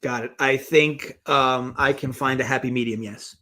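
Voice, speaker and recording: A man's voice: medium pitch, steady tone, normal speed, sharp tone. A man hosting a sports betting show, talking in a laid-back, casual way with short, dry replies. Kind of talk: casual chat.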